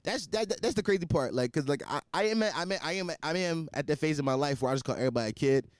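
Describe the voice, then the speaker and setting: This podcast host, a man in his twenties, speaks rapid-fire in a voice on the high side with lively intonation. His solo monologue is rambling and full of restarts and repetition, with crude humor, free swearing, and slangy bluntness, captured in echo-free studio quality.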